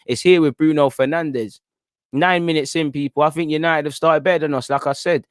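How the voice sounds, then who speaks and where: A man's voice: on the high side, fairly even intonation, fairly quick, no room sound, clean studio sound. A young man giving live, chatty fan commentary on a football match, pleading with players and the referee as play goes on. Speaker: host of a football watchalong stream.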